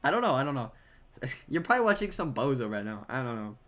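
A man's voice: medium pitch, sing-song, fast, fairly bright tone. A young man streaming live, chatting casually and reacting playfully to viewer drawings.

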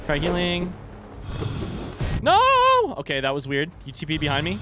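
A young man live-streaming a video game, reacting loudly and swearing when hit while chatting with viewers. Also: on the high side, fast talker. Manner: excitable, swears and yelps when hit, reads chat aloud. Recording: game music behind voice. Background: game music.

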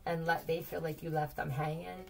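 A woman's voice: low-pitched, level tone, moderate pace, creaky, a little mellow, recorded from a distance. A woman giving a casual tarot reading, rambling and blunt, swearing freely, repeating words and firing off questions. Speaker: tarot reader.

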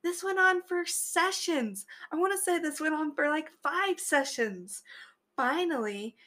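Unhurried, slightly high-voiced woman storyteller. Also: lively intonation, sharp tone. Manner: chatty, laughs at her own story. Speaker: podcast host and player. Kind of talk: storytelling a tabletop game recap.

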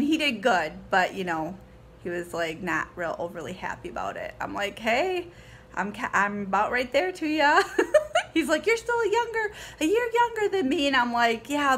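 A woman's voice: fairly high pitch, fairly bright tone, slight background noise. A woman in her forties chatting to her viewers in a bubbly, giggly vlog style. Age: 40s. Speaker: vlogger. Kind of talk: casual vlog chat to viewers.

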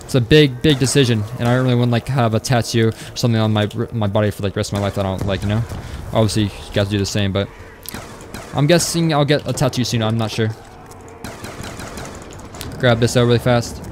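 A man's voice: mid-range voice, fairly even intonation, fast talker, background noise. A young man live-streaming a game, chatting casually and reading out viewer messages as he plays. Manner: casual, rambling, reads chat aloud. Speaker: gaming streamer. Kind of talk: live stream chat while gaming.

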